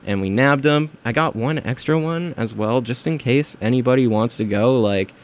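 A young man hosting a college-style radio show, chatting casually and rambling about music with lots of fillers and quick laughs. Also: medium pitch.

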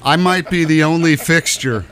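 A man's voice: on the high side, moderate pace, a bit bright. A man who has long played in a band, chatting casually and telling playful stories. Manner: playful storyteller, jokes around. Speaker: longtime band member. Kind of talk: casual chat.

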